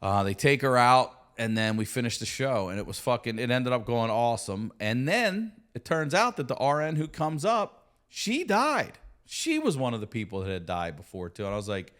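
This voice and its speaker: A middle-aged man telling a story casually in a studio, animated and profane. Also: medium pitch, moderate pace. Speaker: comedian and podcast guest.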